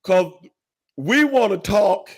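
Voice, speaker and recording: An older man telling a story in casual chat, animated, acting out quotes and cursing freely. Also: high-pitched, slow pace, breathy edge. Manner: animated, acts out quotes, curses freely, laughs. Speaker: storyteller guest, former wrestler.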